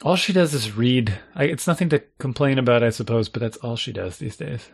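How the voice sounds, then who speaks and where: A man's voice: mid-range voice, fairly quick, creaky, slightly rough. A man chatting casually, telling wry, self-deprecating stories about parenting. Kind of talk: casual chat.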